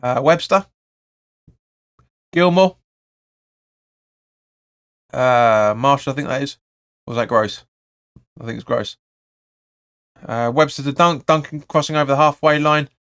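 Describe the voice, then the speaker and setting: A man's voice: mid-range voice, unhurried, pauses often, a bit bright, clear, resonant tone. A man hosting a live football watch-along, calling the play and chatting through viewer comments with blunt opinions. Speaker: fan channel host.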